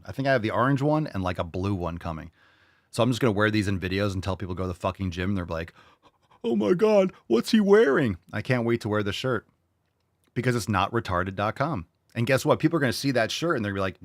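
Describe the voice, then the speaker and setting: A man hosting his own show, pitching merch in a brash, profane, mocking way. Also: dry recording, studio quality. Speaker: show host. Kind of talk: casual merch pitch monologue.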